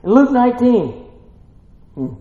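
A man preaching a sermon, swinging between quiet scripture reading and shouted excitement, calling out questions to his congregation. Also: extremely high pitch, measured pace, roomy sound, big-room sound, narrow, tinny audio.

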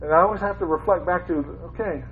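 A man's voice: high voice, fast talker, slight background noise. Man giving a Bible talk over a tinny line. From Ohio, United States. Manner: conversational, repeats phrases, grows more fervent. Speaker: lay preacher, former school teacher. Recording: tinny phone-like sound.

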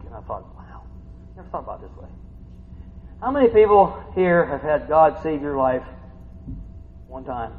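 An older man preaches a sermon with a high, very lively voice. He drops to near murmurs, then climbs to excited shouts. The sound is dull and washed in a hall's long reverb. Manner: animated, swings from quiet to shouting. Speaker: pastor.

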